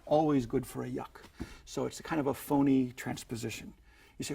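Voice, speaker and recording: A man's voice: mid-range voice, fairly even intonation, brisk, gravelly, mellow, husky. A man teaching sleight-of-hand magic tricks in a chatty, playful way, slipping into showman patter as he demonstrates. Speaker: magic instructor.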